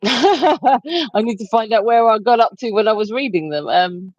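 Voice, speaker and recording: A woman's voice: on the high side, animated, moderate pace, dry recording, highs cut off. A woman co-hosting a livestream, reading viewer comments aloud and laughing often in casual banter. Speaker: livestream co-host reading chat.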